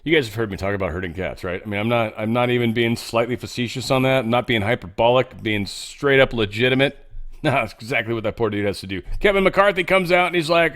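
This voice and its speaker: A man's voice: mid-range voice, quick pace, fairly bright tone. Profane, sarcastic male podcast host. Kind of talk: casual commentary.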